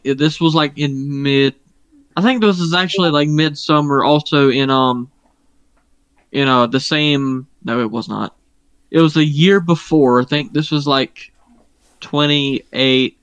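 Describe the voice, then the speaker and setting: A man co-hosting a podcast, telling a long story in casual chat, rambling and profane, often pausing on fillers. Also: fairly high pitch, a bit bright, clean tone, no room sound. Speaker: podcast co-host.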